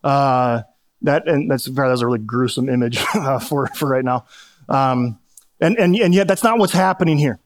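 A man's voice: medium pitch, moderate pace. A middle-aged male pastor giving a conversational sermon, with self-deprecating humor and frequent restarts.

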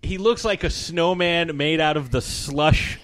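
Animated, swearing podcast host man. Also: fairly high pitch, unhurried. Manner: animated, profane, laughs often. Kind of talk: casual chat.

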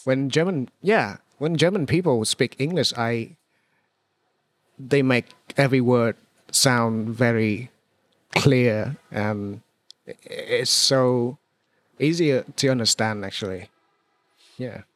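A man from Vietnam with a Vietnamese accent, a guest in a casual conversation, talking hesitantly with many pauses and restarts. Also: medium pitch, dry recording.

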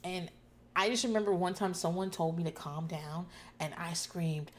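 A woman host talking casually and loudly about a show, profane and animated, acting out people's lines in shouts. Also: fairly low pitch, normal speed. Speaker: podcast host recapping a TV show. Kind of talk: casual chat.

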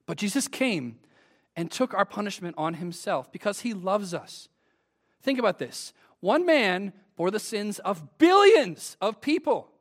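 A man's voice: very high voice, a bit bright. A man preaching an earnest sermon to a congregation, building to emphatic peaks.

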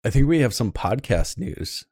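A man co-hosts a casual gaming podcast, rambling with lots of fillers and restarts. His medium-pitched voice swings widely in pitch at a normal speed, with a dark tone and breathy edge. The recording is dry and studio quality.

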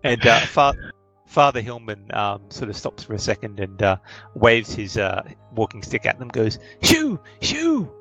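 A man's voice: on the low side, fairly even intonation, normal speed, fairly bright tone, faint music behind, rough recording. A man narrating as game master of a tabletop game, hesitant, with many ums and uhs.

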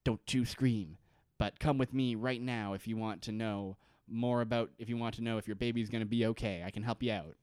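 Man doing a low, coaxing secretive doctor lady, quiet and smooth. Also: steady tone, brisk, no room sound, clean studio sound, close to an everyday voice. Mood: hushed. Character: calm secretive woman doctor.

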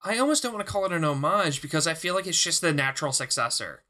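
Bright, slightly high-voiced man, animated. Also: fast talker. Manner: laughing, animated, swears for emphasis. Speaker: podcast co-host. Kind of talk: casual chat reviewing a show.

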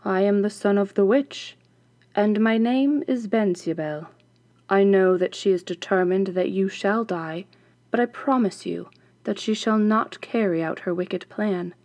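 A gentle, earnest young man, as a woman voices him in a storybook, speaking lower and a touch louder than the narration. He sounds kind and a little sad. The sound is dry and close. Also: unhurried, no room sound, close to an everyday voice. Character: kind young male witch's son. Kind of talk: storybook reading.

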